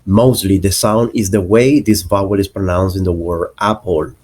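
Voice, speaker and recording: A man narrating a lesson on English accents, explaining slowly and deliberately and spelling out example words. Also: low voice, steady tone, darkish tone, breathy edge.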